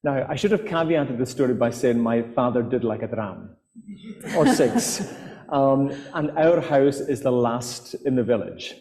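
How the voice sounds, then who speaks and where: A man's voice: mid-range voice, lively intonation, a little slow, darkish tone. A man from the Outer Hebrides with a Scottish accent, telling stories to a live festival audience, hesitant with fillers and restarts. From Outer Hebrides, Scotland. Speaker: author and guest speaker. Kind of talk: storytelling talk to a live audience. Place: festival hall. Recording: reverberant hall on live mic.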